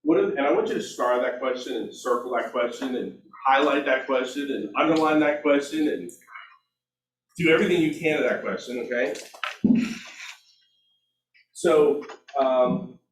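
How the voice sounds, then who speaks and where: Animated man training a sales team. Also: mid-range voice, normal speed, pauses often. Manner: animated storytelling, acts out dialogue, self-mocking. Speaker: real estate team trainer. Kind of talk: team meeting training talk. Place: meeting room. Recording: echoey room, distant mic.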